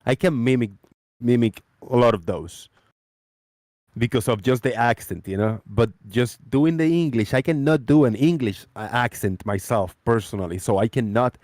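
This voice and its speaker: A man's voice: medium pitch, normal speed, a little mellow, no room sound, clean studio sound. A man hosting a live-stream debate chat, rambling and repeating his phrases. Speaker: host.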